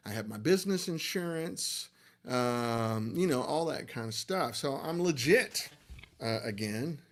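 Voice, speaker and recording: This livestream host, a middle-aged amp builder, has a medium-pitched, expressive voice and a measured pace. His talk is casual, meandering and self-deprecating.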